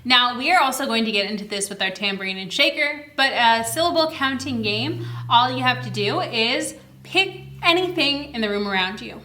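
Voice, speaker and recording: A young woman who works as a children's librarian walks parents through early reading games. Her voice is bright and sits a little high, and she stays cheerful as she sounds out each word slowly and clearly. She was recorded on the camera mic at a table in a library room. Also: animated. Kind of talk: instructional video for parents.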